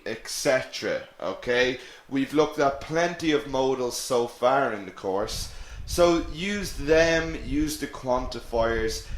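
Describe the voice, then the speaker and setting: Male English tutor, patient and unhurried, echoey room audio; webinar teacher read. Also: medium pitch. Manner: patient, explanatory, reads out learner questions. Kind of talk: live webinar lesson.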